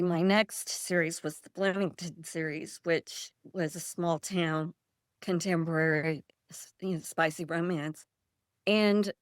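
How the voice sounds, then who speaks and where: A woman's voice: fairly low pitch, fairly bright tone, no room sound, studio quality. A woman author in a casual interview, telling stories in a rambling way and laughing often. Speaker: author guest.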